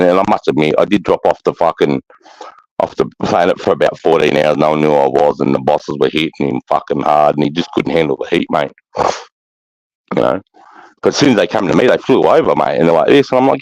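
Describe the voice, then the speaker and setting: This bass-voiced middle-aged Australian, a former army sergeant, talks fast and swears constantly while telling war stories in a relaxed chat, always adding "mate" and never softening anything. His tone runs darkish. There's no echo, though the audio quality is poor.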